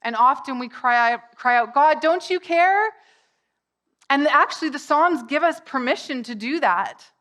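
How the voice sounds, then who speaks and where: A woman's voice: high voice, moderate pace, few pauses, pushed and bright. A middle-aged woman preaching a sermon in a conversational way, lifting her voice for quoted cries. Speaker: pastor.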